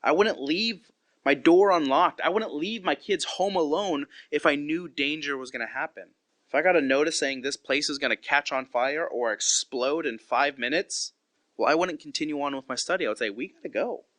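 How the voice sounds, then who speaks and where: Man, thirties, earnest devotional podcast talk, bright forceful tone, dry close mic. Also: on the high side, moderate pace, no echo. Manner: earnest, conversational, acts out quotes. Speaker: podcast host.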